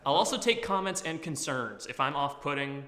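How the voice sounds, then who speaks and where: A man's voice: fairly high pitch, animated, moderate pace, bright, forceful tone, slight background noise. A young man from Washington, D.C., answering questions at an acting audition in a self-deprecating, joking way, with plenty of filler words. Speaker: auditioning actor. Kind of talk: audition interview. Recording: echoey hall.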